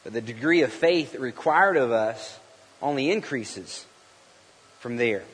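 A man's voice: medium pitch, expressive, unhurried, fairly bright tone, slightly rough. A man preaching a sermon, telling a story in a folksy way and often restarting his sentences. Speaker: pastor. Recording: long hall reverb.

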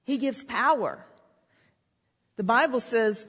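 A woman's voice: mid-range voice, measured pace, slightly rough. A woman preaching a sermon, repeating declarations with rising emphasis. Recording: long hall reverb.

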